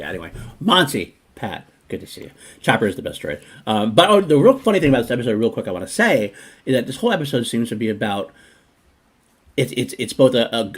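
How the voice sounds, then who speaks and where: A man hosting a casual podcast chat, talking in an animated, rambling way with many restarts. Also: on the low side, breathy edge. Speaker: podcast host.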